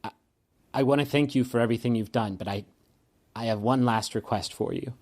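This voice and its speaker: A man's voice: medium pitch, a little mellow, close to an everyday voice. Man voicing Sloane, a weary remorseful woman. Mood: solemn. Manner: halting, regretful speech with restarts. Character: weary, remorseful woman warrior near defeat.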